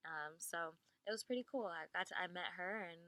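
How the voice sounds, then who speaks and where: A young woman chats through a personal story, full of filler words and ready laughs. Her voice is bright and a touch low-pitched, and it sits close and dry with hardly any room sound. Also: fairly quick, no room sound. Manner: chatty with many fillers, laughs often. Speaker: flight attendant vlogger. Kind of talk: casual storytelling.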